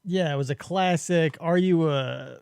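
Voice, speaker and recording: A man hosts a live stream in loose, joking banter, chuckling between lines. His voice sits a little high for a man. The sound is dry and close, with no room around it. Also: a little slow, vocal fry, a little mellow, clear, resonant tone, no room sound. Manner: laid-back, joking, laughs often. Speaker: podcast host. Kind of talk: casual chat before a live stream.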